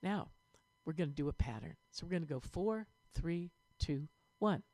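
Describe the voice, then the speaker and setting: A woman choir director leading an online vocal warm-up lesson, upbeat and encouraging as she demonstrates breathing exercises. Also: low voice, expressive, moderate pace, dry recording.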